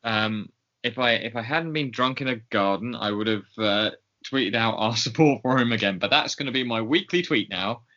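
A man's voice: mid-range voice, normal speed, pushed and bright. A man co-hosting a podcast in casual chat, talking in a chatty, hesitant way with many ums. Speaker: podcast co-host. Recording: slightly dull lo-fi sound.

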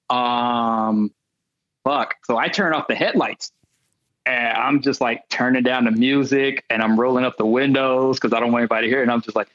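A male comedian guest telling comic stories in an animated way, acting out the voices of the people in them. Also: mid-range voice, normal speed, no room sound, highs cut off. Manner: animated, acts out quoted voices. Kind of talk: comic storytelling.

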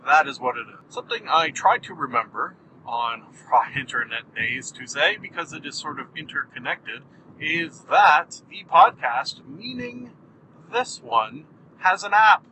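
Bright, edgy-voiced male podcast host joking his way through a solo show from the driver's seat. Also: on the high side, animated, a little slow, slight background noise, poor audio. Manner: goofy, jokey, rambling. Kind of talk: casual solo monologue. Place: in a moving car.

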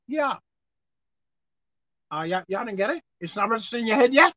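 A man preaching a fiery sermon, repeating lines for emphasis, reading scripture slowly, and breaking into shouts. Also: very high voice, animated, dry recording. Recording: dull lo-fi dry recording.

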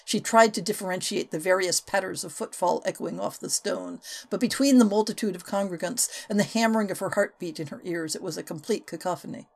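Expressive woman narrating a novel. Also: fairly low pitch, fairly quick, creaky, hardly any pauses. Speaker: audiobook narrator. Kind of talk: scripted narration.

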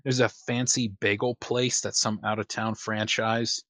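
A man's voice: lowish voice, flat delivery, a little slow, a bit bright, no room sound. Rambling man on a game stream. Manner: rambling, swearing, filler-heavy. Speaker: tabletop game player. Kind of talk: casual streamed game chat.

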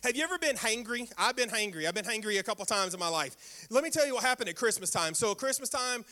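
An older man, a pastor, preaching a sermon with animated storytelling and sudden exclamations. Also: high voice, fast. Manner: animated storytelling with sound effects and prayer.

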